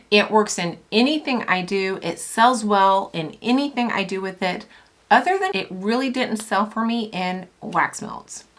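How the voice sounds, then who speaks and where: Chatty middle-aged woman vlogger, bright forceful tone, enthusiastic and rambling. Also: mid-range voice. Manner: chatty and enthusiastic, with laughs and asides. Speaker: small business owner reviewing fragrance oils. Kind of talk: casual product vlog.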